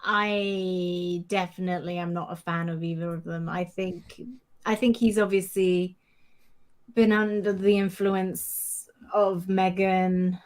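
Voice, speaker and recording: A woman from the UK co-hosting a podcast in casual chat, quick and questioning, laughing easily. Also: on the low side, steady tone, darkish tone. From United Kingdom. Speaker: podcast co-host.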